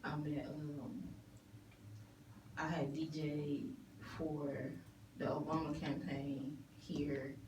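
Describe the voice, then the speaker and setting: A woman guest DJ in a casual chat, talking in a relaxed, conversational way. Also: sits low, slow pace, noisy background. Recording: roomy, distant mic.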